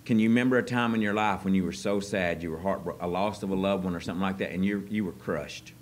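A man preaching a sermon as pastor, folksy and joking, swinging from quiet asides to loud excited bursts. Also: low voice, quick pace, slight background noise. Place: church service.

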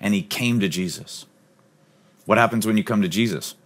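Earnest guy preaching, storytelling sermon, goes quiet and low on the big points. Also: moderate pace. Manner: drops to a soft, low voice on key points. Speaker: pastor.

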